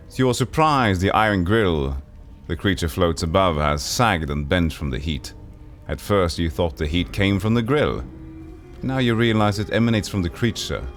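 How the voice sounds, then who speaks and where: A man streaming a retro role-playing game, reading its text aloud and chatting casually with viewers. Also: low voice.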